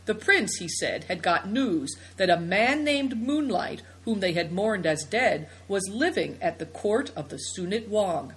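A woman narrating a children's novel as an audiobook, in an expressive storytelling manner. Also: medium pitch, measured pace, few pauses, low-quality recording.

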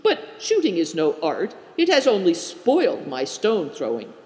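A man reads a weathered former soldier, earnest and modest, his voice set fairly high with plenty of rise and fall. The storybook reading rings through a roomy space with a long reverb tail. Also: wildly swooping pitch, normal speed, darkish tone. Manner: earnest and apologetic.

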